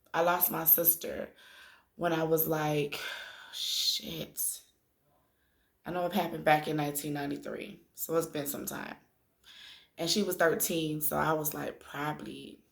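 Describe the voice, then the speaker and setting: A woman in her thirties telling a personal story to her viewers in an emotional, chatty way, tearful after crying, with many pauses. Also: low-pitched, vocal fry. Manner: conversational, addresses viewers directly, drawn-out filler pauses. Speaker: spiritual vlogger. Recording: echoey room.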